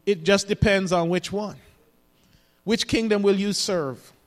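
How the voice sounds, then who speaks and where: A man's voice: high voice, unhurried. A man preaching a sermon as pastor, building emphasis with repeated phrases, recorded in a church sanctuary. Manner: preaching with rising emphasis and repetition. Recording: long hall reverb.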